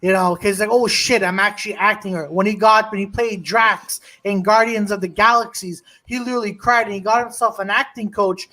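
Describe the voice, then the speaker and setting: A man's voice: sits high, fairly even intonation, fairly quick, hardly any pauses, pushed and bright. A man co-hosting a podcast in casual chat over a video call, rambling with many fillers. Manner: rambling, lots of fillers and profanity. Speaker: podcast co-host.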